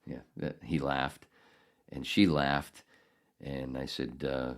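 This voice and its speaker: A man's voice: rumbling low, little pitch movement, takes it slowly. An older man hosting a podcast, telling a rambling, profane story in a casual, ranting way. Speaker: podcast host.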